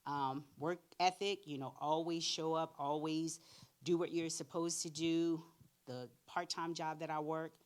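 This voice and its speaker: A middle-aged woman giving a candid career-readiness talk, animated and plain-spoken, acting out both sides of her stories. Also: low voice, a little slow. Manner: animated storyteller, acts out both sides of conversations. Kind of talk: church workshop talk with acted-out anecdotes.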